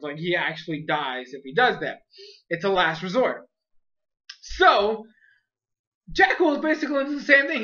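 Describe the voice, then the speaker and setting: A bright, sharp-toned voice of an anime reviewer chatting casually through an episode. The talk is loose and peppered with "like", and it swells into animated retellings of the scenes. The recording sounds dull and lo-fi. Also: mid-range voice.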